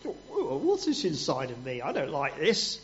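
A great big fish grumbling that it feels sick, as a male storyteller puts it on. The voice is low and quiet, and the recording sounds dull and lo-fi. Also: wildly swooping pitch, a little slow, slight background noise. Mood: queasy. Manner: grumbling and queasy.

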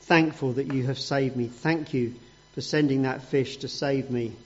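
A man's voice: medium pitch, steady tone, unhurried, natural voice. A man voicing the prophet Jonah, pleading and breathless in a dull lo-fi recording. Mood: grateful.

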